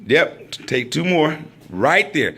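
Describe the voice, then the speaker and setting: A man's voice: a little high, sing-song, slow pace, sharp tone, breathy edge. A man teaching a hands-on training class, praising often and calling out drill commands. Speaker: firearms instructor.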